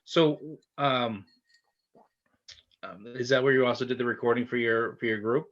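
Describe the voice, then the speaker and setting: A man's voice: mid-range voice, normal speed, a bit bright, dull audio. A man hosting an interview, asking casual questions with lots of hesitation. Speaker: interview host.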